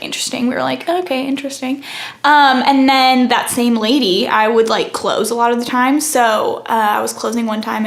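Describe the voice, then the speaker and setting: A woman's voice: fairly high pitch, vocal fry. A young woman co-hosting a student podcast, telling a long story in a casual chatty way with many fillers. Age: young adult. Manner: rambling storytelling with frequent fillers. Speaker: podcast co-host. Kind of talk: casual chat. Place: campus studio.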